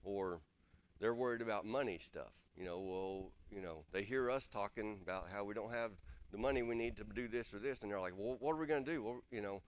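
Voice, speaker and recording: A man's voice: on the low side, a little fast, clean tone. A man giving an earnest, plain-spoken sermon and repeating his points to drive them home. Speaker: preacher. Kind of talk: conversational sermon.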